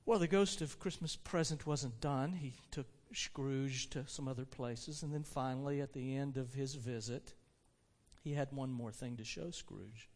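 A man's voice: mid-range voice, steady tone, a little slow, a little mellow. A male pastor preaching a sermon, reading a classic story aloud expressively with varied emphasis, in a church sanctuary. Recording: long reverb of a church hall.

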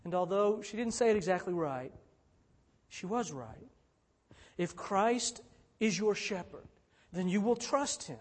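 Slow, high-voiced man preaching. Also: animated. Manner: rises to emphatic peaks then drops low and soft; slow, measured phrasing with repeated refrains. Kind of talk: sermon.

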